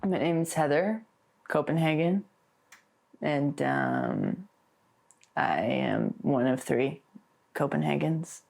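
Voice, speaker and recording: A woman's voice: low-pitched, sing-song, slow pace, vocal fry, long pauses, a little mellow, faint music behind. A young woman speaking in a mockumentary-style interview, chatty and exasperated, with plenty of "like" and "um" fillers.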